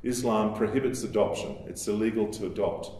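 A man giving a recorded lecture, explaining at a measured pace and quoting sources, with some fillers. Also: on the low side, mellow, slight background noise. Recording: very echoey room.

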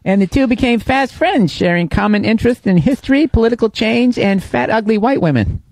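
A man putting on a late-night talk show host voice, delivering monologue jokes slowly. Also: high voice, animated, darkish tone, no echo, voice pushed up. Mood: joke-telling.

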